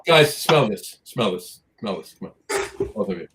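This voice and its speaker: A man's voice: lowish voice, sing-song, normal speed, fairly bright tone, a little hiss or hum. A man with a New Jersey accent co-hosting a casual podcast, talking eagerly and repeating phrases for emphasis. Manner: enthusiastic, repeats himself for emphasis. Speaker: podcast co-host. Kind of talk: casual chat.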